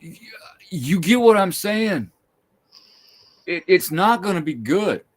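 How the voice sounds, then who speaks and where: A man's voice: high-pitched, animated, slow. A man hosting a casual talk stream, opinionated and ranting, often restarting his sentences. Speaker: podcast host. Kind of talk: casual chat.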